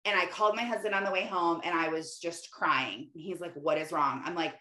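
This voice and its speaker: A woman's voice: lowish voice, fairly quick, bright, forceful tone. Chatty rambling woman in a roomy space. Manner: chatty and rambling, many "like"s, frequent laughs. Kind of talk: casual faith-based monologue. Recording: roomy echoey room.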